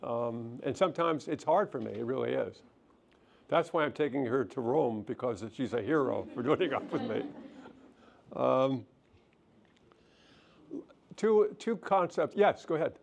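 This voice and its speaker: A man with a gravelly voice talks through a lecture on relationships. He is gentle and self-deprecating and restarts sentences as he thinks aloud. It has the easy feel of a counselor speaking to a live audience. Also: medium pitch, lively intonation, measured pace, pauses often. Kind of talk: relaxed lecture with audience questions. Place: lecture hall.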